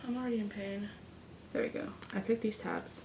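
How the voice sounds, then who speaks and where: A young woman in her twenties chatting excitedly to her viewers at home for a casual reading vlog. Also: medium pitch, brisk, slight background noise. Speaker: book vlogger.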